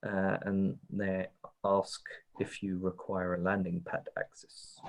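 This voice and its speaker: Casting: male game master, lowish voice, halting narration with lots of "uh". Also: completely flat delivery, vocal fry. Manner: hesitant, many fillers.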